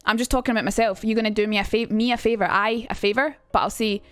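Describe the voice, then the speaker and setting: A woman's voice: on the high side, steady tone, fast, smooth, no echo, soft background music. A young Scottish woman streaming a casual chat about accents, chatty and sweary, reading out messages from chat. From Scotland. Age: young adult.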